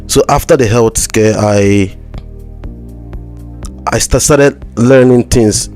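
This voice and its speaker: Halting man with a slight stammer. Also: medium pitch, darkish tone, soft background music. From Nigeria. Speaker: podcast guest, mental health practitioner. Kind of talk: casual conversation.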